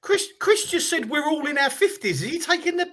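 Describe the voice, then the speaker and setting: High, animated, teasing man. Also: fairly quick, slight background noise. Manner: teasing, jokey interjections. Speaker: podcast co-host. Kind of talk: casual football chat.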